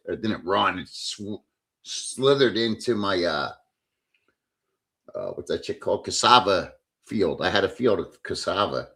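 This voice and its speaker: A man hosting a casual livestream, telling stories in an animated way, reading chat comments aloud and swearing freely. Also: lowish voice. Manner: animated storyteller who reads chat aloud. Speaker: livestream host. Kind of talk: casual live-stream chat.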